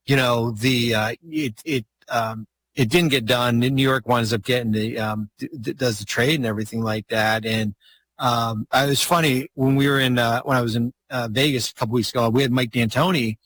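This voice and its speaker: A man, a former basketball team executive, telling a long anecdote in casual chat, rambling and animated with sudden jumps in pitch. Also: normal speed, dry recording.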